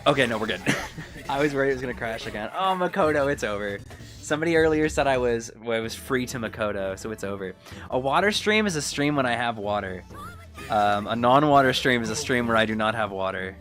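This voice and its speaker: A man casually talking through a live game stream, reading chat aloud and joking. His voice sits mid-range and unhurried, with faint game music playing underneath. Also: mid-range voice, lively intonation, fairly bright tone. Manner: laid-back, reads chat aloud and jokes.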